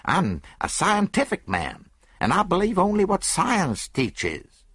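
A man's voice: high-pitched, wildly swooping pitch, slow pace, a bit bright, husky, dry recording, voice pushed up, full character voice. A man voicing a blunt male doctor in an audiobook, speaking emphatically and dismissively. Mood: emphatic.

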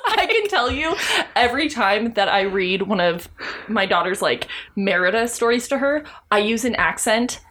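A woman's voice: fairly high pitch, big pitch swings, moderate pace, fairly bright tone. A woman co-hosting a podcast, chatting casually with playful, emphatic reactions and swearing for effect. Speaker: podcast co-host. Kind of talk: casual chat.

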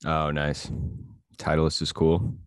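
Man, extremely low voice, loose rambling podcast chat, dry sound. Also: completely flat delivery, slow pace, clear, resonant tone, no echo. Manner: loose, rambling, lots of fillers. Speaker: podcast host. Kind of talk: casual crude comedy chat.

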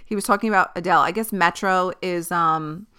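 A woman's voice: lowish voice, fairly even intonation, brisk, sharp tone, clean tone. A young woman hosting a casual solo podcast, chatty and candid, swearing and laughing easily. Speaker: podcast host.

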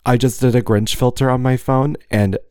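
A man's voice: medium pitch, steady tone, normal speed, a little mellow, clean tone, dry recording, clean studio sound. A man co-hosting a podcast in casual chat, campy and playful with dramatic flair, in a small room. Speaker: podcast co-host.

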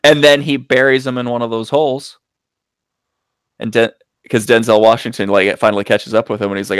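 A man co-hosting a podcast, casually recapping a film in a rambling, profane way, jumping into loud acted-out quotes. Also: medium pitch, steady tone, unhurried, pauses often, clean tone, dry recording, clean studio sound. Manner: rambling, profane, acts out quotes with big voice jumps. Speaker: podcast co-host reviewing movies. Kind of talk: casual chat.

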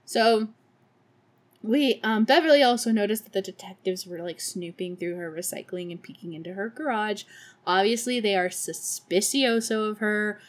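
A woman's voice: medium pitch, normal speed. A young woman hosting a podcast, recapping a film in a casual, sarcastic, profane way with laughing asides. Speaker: podcast host.

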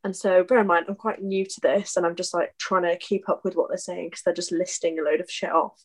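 A woman's voice: on the low side, steady tone, fairly quick. A young woman in her twenties, chatting casually on a podcast and rambling through anecdotes full of ums. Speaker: podcast co-host. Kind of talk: casual chat.

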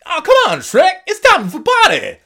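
Guy doing a high squeaky cartoon donkey, loud, hyped up, all about partying. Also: normal speed, exaggerated voice. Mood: rowdy. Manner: loud and excitable. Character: rowdy party-crazed cartoon donkey, male.

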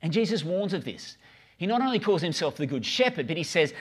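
A man's voice: on the high side, big pitch swings, a little fast, a bit bright, husky. A middle-aged man, preaching a casual, conversational sermon with frequent stammered restarts. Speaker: pastor.

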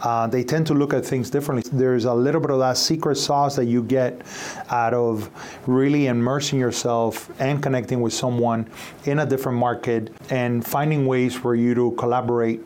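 A man co-hosting a podcast in casual chat, measured and speaking in long flowing points. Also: medium pitch, steady tone, darkish tone, slight background noise. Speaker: podcast co-host.

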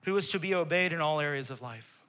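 A male pastor preaching an emphatic sermon, repeating key phrases and dropping to a hush for tender moments. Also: fairly high pitch, quick pace, big-room sound.

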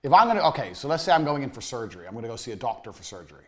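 A man teaching a motivational business course. He talks bluntly, swears, repeats his points for emphasis and lets phrases sink to a low, trailing finish. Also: big pitch swings, racing. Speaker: course instructor.

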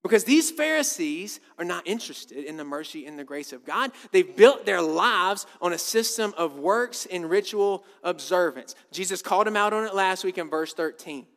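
A man's voice: high voice, lively intonation, moderate pace, few pauses, a bit bright. A man preaching a sermon as a pastor, casual and conversational, often repeating his words. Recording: long reverb of a church hall.

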